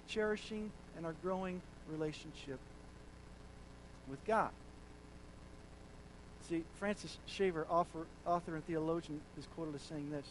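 A man with a fairly high voice preaches in an unhurried, deliberate way. He sinks to quiet, intimate phrases and then climbs into loud, emphatic declarations. A faint rumble hums in the background. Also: low-quality recording. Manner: swings from hushed lows to loud, emphatic declarations. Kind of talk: sermon.

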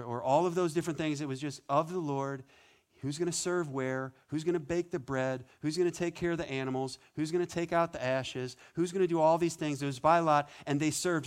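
A man preaching a sermon as pastor, conversational and animated, with playful asides. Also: a little high.

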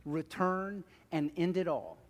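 A middle-aged man preaching a sermon, moving between loud pleading and quiet, hushed asides. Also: a little high, animated, takes it slowly, long reverb tail. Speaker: pastor.

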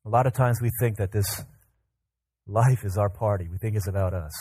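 A man preaching a casual, energetic sermon to a congregation, often repeating and restarting words as he tells everyday examples. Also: lowish voice, brisk, husky. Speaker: pastor. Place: church service with congregation.

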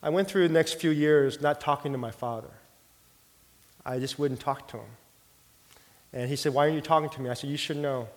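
A middle-aged man preaching a sermon, telling a personal story in an earnest, heartfelt way and sometimes dropping his voice soft. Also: fairly high pitch, a little fast, long pauses. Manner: earnest storytelling, drops soft for quoted prayer. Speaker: pastor. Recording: long hall reverb.

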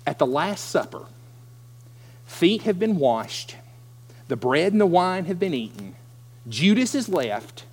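A man's voice: on the high side, takes it slowly, long pauses. A man preaching a sermon, acting out the voices in the scripture he reads. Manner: animated, acts out scripture voices. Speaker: pastor.

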